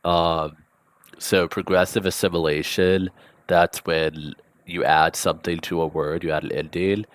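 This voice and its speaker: A man giving a relaxed vocabulary and grammar lesson, thinking aloud with frequent ums and asides. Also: low voice, measured pace, smooth, no echo, clean studio sound. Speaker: language teacher.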